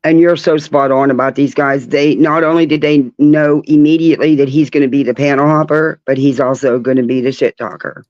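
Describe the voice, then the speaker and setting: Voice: mid-range voice, steady tone, brisk, few pauses, darkish tone, no echo, muffled recording. A caller on a livestream, chatting frankly and casually. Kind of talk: casual call-in chat.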